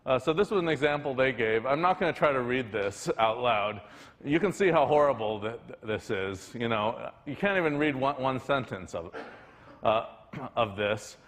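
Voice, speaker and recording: In a lecture hall with long reverb, a man with a mid-range, fairly bright voice and lively intonation gives a university lecture at a moderate pace. His delivery is conversational, with frequent restarts of his sentences and filler words.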